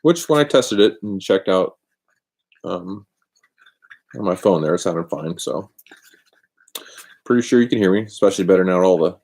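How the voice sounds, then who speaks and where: A deep, mellow-toned man rambles through a casual craft live stream. He talks loosely and good-naturedly, poking fun at himself. His voice comes through a built-in laptop microphone in a chilly garage. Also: expressive, normal speed, creaky, long pauses. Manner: rambling, chatty, self-deprecating. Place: cold home garage. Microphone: built-in computer microphone.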